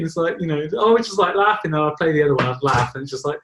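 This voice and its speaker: A man's voice: on the high side, lively intonation, very fast, background noise. A man hosting a casual interview, talking enthusiastically and rambling with many restarts. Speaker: host. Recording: roomy echo.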